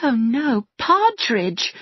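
A man voicing a lively, outspoken young woman with a bright, pointed delivery. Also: extremely high pitch, very slow, breathy edge, no room sound, dull audio, voice pushed up, full character voice.

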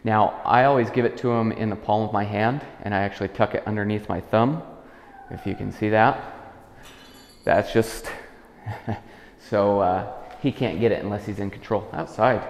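Gravelly-voiced man demonstrating dog training. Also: on the low side, moderate pace. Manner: calm, explanatory, soft commands to a dog. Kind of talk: instructional demonstration. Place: indoors in a house. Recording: echoey room with long reverb, dull lo-fi sound.

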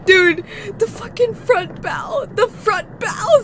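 High-voiced woman screaming through a horror game. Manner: frightened, screaming and swearing, drawn-out reactions. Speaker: gaming streamer.

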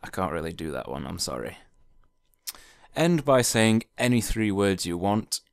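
Low, smooth-voiced Yorkshire man. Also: very animated, unhurried, dry recording. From Yorkshire, England. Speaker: vlogger. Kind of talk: casual accent-tag video.

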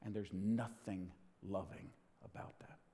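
A middle-aged man preaching a sermon as pastor, swinging between hushed whispers and loud, impassioned bursts. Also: lowish voice, fairly even intonation, a little slow, slightly rough. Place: church sanctuary. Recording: long hall reverb.

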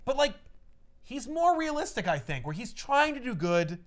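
A man with a high, very lively voice hosts a relaxed comic book chat. He tells stories with animated energy. He slips in and out of quick character voices as he goes. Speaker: podcast host.

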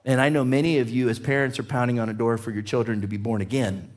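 A man preaching a sermon as a pastor, telling a personal story in an animated way, his voice climbing as the tale builds. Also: mid-range voice, fast. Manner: animated storyteller, voice rising with excitement. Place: church.

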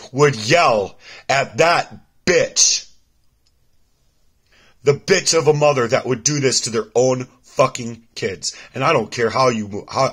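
Slow, agitated man swearing in a vlog. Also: medium pitch, a bit bright, breathy edge. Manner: profane, agitated, halting restarts. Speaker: video blogger. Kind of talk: angry personal vlog.

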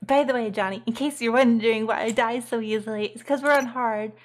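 High-voiced sleepy woman streamer. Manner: reactive, repeats quick exclamations. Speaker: game streamer. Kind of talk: live gameplay commentary. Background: loud game music.

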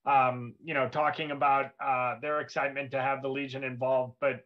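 A man's voice: mid-range voice, level tone, brisk, dull audio. A man co-hosting a livestream, speaking earnestly and steadily with many fillers. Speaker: host. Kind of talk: livestream presentation.

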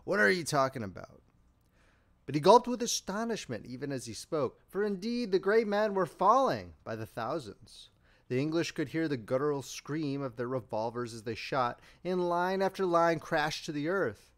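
A man reading a horror tale aloud with dramatic, expressive delivery. His voice sits a little high and swings widely up and down, rising and dropping with each turn of the story. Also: normal speed. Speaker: audiobook narrator. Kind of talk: scripted narration.

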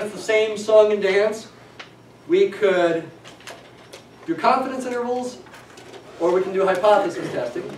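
In an echoey lecture classroom, a middle-aged man teaches statistics, chatty and prone to digressions, with a dry sense of humor. His voice sits high, there's slight background noise, and he's recorded from a distance.

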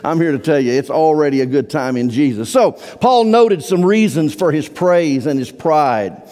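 Male pastor, high-pitched voice, earnest preaching style, long church-hall reverb. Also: lively intonation, warm tone. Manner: earnest, emphatic preaching with drawn-out key words. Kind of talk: sermon. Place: church sanctuary.

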